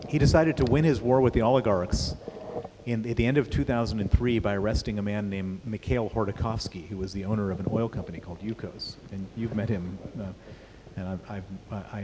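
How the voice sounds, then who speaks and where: A man's voice: lowish voice, fairly quick. A middle-aged man speaking as an author at a festival, telling his story plainly and often repeating and restarting words. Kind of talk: onstage interview storytelling. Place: large hall with an audience. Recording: hall reverb with faint hiss.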